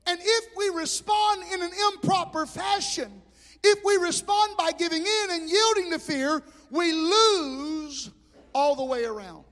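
A man preaching a sermon as pastor, telling animated stories. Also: extremely high pitch. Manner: animated storytelling with shouted impressions. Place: church hall. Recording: hall reverb.

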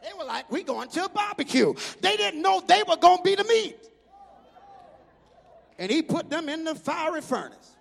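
High gravelly preacher man, echoey hall. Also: very animated, moderate pace, long pauses. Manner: shouting, rhythmic. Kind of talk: storytelling sermon.

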